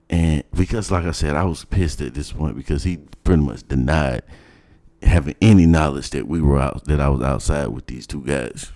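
A man telling a personal story in a blunt, animated, casual way. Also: a bass voice, normal speed. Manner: animated, blunt, swears freely.

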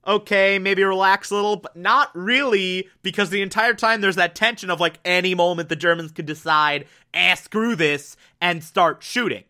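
A man's voice: sits high, normal speed, few pauses, bright, forceful tone. A young man casually reviewing a TV episode, enthusiastic and rambling, with lots of fillers and mild swearing.

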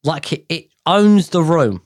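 A man's voice: a little high, lively intonation, measured pace, a little mellow. A man, hosting a solo podcast in a sweary, rambling, exasperated way. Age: 30s. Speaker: podcast host. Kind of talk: casual solo podcast chat. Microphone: podcast mic.

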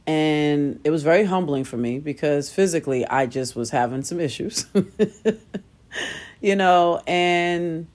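A woman's voice: low-pitched, unhurried. A middle-aged woman hosting a podcast, talking casually and self-deprecatingly, laughing at herself and acting out quoted voices. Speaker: podcast host. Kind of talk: casual solo podcast storytelling.

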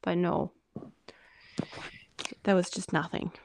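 A woman's voice: fairly low pitch, takes it slowly, gravelly, slight background noise. A woman co-hosting a podcast, telling a story in casual chat and acting out what people said. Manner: animated storytelling, acting out quotes. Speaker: podcast co-host.

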